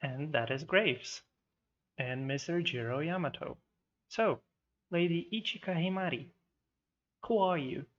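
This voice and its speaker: A man running an online tabletop game as game master, talking in a relaxed way and laughing easily. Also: on the high side, measured pace, pauses often, lo-fi sound.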